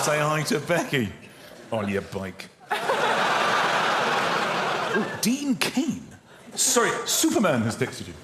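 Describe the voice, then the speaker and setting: A man hosting a comedy show, reading texts aloud in an animated, teasing way, often exclaiming. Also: medium pitch, heavy background noise. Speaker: host. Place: TV studio with live audience. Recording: roomy studio with loud audience laughter.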